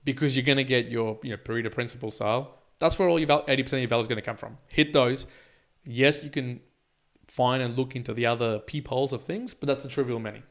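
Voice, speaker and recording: Male podcast co-host, quick delivery, emphatic, mid-range voice. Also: mid-range voice, fairly bright tone. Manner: emphatic, restarts words, lectures with examples. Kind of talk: casual podcast chat.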